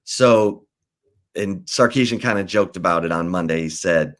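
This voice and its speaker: A man, a sports insider, casually telling the history of a college football rivalry in an unhurried storytelling way. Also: low-pitched.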